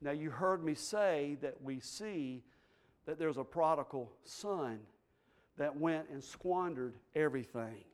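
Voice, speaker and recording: A man preaching as pastor, emphatic, swinging from low, quiet asides to loud, stressed lines. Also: slow pace. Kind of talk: sermon.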